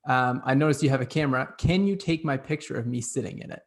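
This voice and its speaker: A man's voice: mid-range voice, quick pace. A young man hosting, telling a chatty, upbeat story full of "like". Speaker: host. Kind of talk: casual chat.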